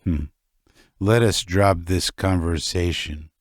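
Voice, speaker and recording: A man's voice: deep voice, takes it slowly, no echo, clean studio sound, voice pushed down. A man voicing a drunk, distrustful rich manufacturer who rambles with chuckles and stammered repeats. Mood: rambling, bitter.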